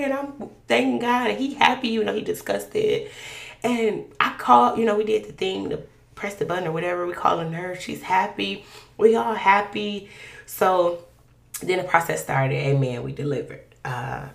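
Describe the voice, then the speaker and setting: Gravelly woman telling a faith testimony. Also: mid-range voice, normal speed, roomy sound. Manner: conversational, animated, colloquial. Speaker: podcast guest sharing a testimony. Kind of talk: personal faith testimony storytelling.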